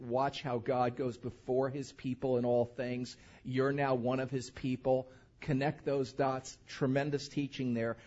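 A male pastor preaching a sermon, reading scripture with animated, enthusiastic emphasis and then leading a prayer. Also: mid-range voice. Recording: dull lo-fi sound.

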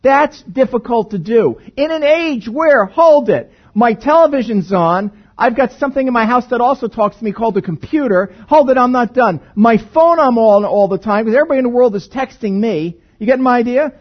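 Husky-voiced man preaching a lively sermon. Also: extremely high pitch, fairly quick, few pauses, lo-fi sound. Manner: animated, conversational preaching with rhetorical questions. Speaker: pastor.

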